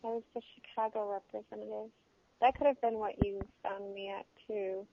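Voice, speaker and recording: Woman, model guest on a podcast, slow and gravelly, low-fi recording. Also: little pitch movement. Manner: brief replies, unhurried. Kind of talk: casual interview chat. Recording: dull lo-fi audio.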